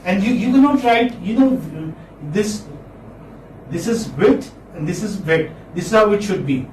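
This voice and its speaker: This lecturer's voice sits high and is expressive and a little mellow, moving at normal speed. He's teaching English phonetics to a class, saying words repeatedly and testing his students. The room echoes, the mic is far off, and a faint noise lingers.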